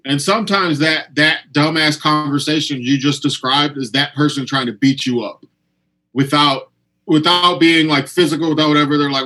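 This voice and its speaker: A man, a comedian, talking in a casual chat and acting out quoted exchanges with lively energy. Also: fairly high pitch, normal speed, low-quality recording. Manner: animated, acts out quoted exchanges.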